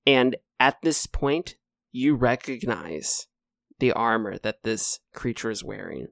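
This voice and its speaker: A man's voice: medium pitch, vocal fry, no room sound, studio quality. Jokey man running a tabletop game. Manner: lively, jokey, slips into quick bursts. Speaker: dungeon master.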